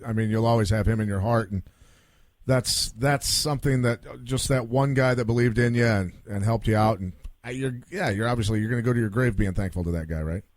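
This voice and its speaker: Co-host dude, kinda low voice, agreeing and following up, dry. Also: male voice, a little fast, no room sound. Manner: affirming, follows up the guest. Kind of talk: casual interview.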